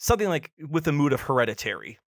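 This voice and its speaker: A man's voice: a little high, very animated, fast talker, gravelly, a bit bright, no echo, clean studio sound. A man co-hosting a film podcast, talking casually and laughing often as he stumbles over names. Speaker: podcast co-host.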